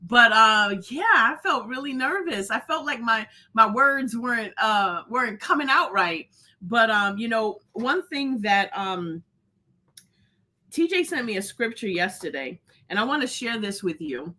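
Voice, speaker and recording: A high, lively woman's voice, bright and ringing. She hosts a live stream in casual chat, greeting viewers one by one and rambling through fillers and restarts at an unhurried pace. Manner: effusive, greets viewers by name. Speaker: host of a live show.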